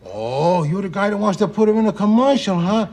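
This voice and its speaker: A middle-aged actor playing a loud, blustering, opinionated working-class husband in a sitcom. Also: male voice, high voice, lively intonation, fairly quick. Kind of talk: sitcom acting. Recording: noisy old TV sitcom audio.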